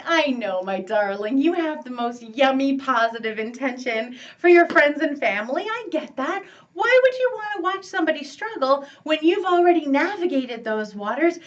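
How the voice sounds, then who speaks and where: High-voiced lady coach, super upbeat, a bit far off the mic and dull sounding. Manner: upbeat and animated, laughing, acts out quoted friends. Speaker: relationship coach. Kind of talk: teaching talk to camera.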